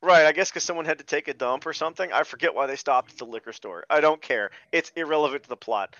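A fast-talking man with a fairly bright voice on the high side hosts a podcast, launching into sarcastic, exasperated, swear-filled rants about a bad movie in casual chat. The recording is dry and has a dull lo-fi sound.

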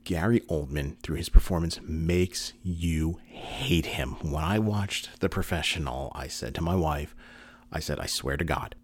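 A man's voice: very deep voice, measured pace, slightly rough. A man giving a casual spoken review, rambling and repeating himself with lots of fillers, and acting out quoted lines now and then. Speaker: show reviewer.

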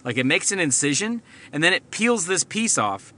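A man's voice: on the high side, very animated, normal speed, bright, forceful tone. A man hosting a podcast, telling a rambling, profane story from inside his car. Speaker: podcast host. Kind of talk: casual storytelling monologue.

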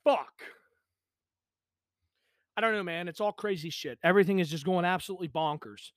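A young man rants on his own podcast, agitated and profane, swearing through every sentence. His voice sits high, and the recording is dry and close with no room sound. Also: normal speed, no echo. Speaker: podcast host. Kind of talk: ranting solo podcast. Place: pump house in the countryside.

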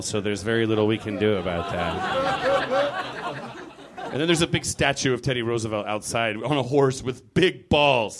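A man doing a live stand-up set in a comedy club, rambling loosely and leaping into loud booming character voices. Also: big pitch swings, fairly quick, crowd noise. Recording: live club recording with audience laughter. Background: audience laughing.

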